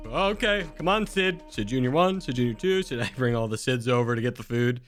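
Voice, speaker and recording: A man's voice: medium pitch, lively intonation, brisk, soft background music. A man playing a tabletop game, joking playfully in character. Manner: laughing, playful in-character talk. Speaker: player. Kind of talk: tabletop role-play banter.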